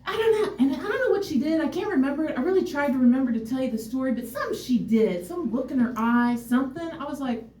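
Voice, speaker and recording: Woman storyteller on stage, candid and wry, mellow voice, roomy hall, mic far off. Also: sits high, expressive, fast, hardly any pauses, a little hiss or hum. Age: adult, mother of a son. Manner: candid, wry, emotionally open. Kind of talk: personal story told on stage.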